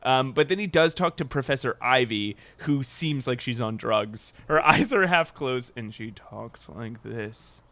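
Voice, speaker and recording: A man co-hosting a podcast in casual chat, jokey and animated, breaking into loud mock quotes. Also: mid-range voice, normal speed, hardly any pauses, dry recording. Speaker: podcast co-host.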